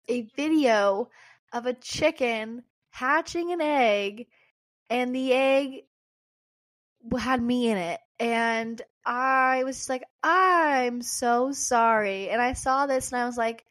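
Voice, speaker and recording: Young woman cohosting a chill podcast, kinda high voice, says like a lot, acts out little quotes. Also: a little slow. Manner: chatty, lots of "like", acts out quotes. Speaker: podcast co-host. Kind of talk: casual chat.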